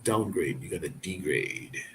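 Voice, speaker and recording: A man hosting a live stream, telling a story and answering viewer comments in a relaxed, chatty way. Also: low-pitched, measured pace, a little hiss or hum. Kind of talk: casual live-stream chat.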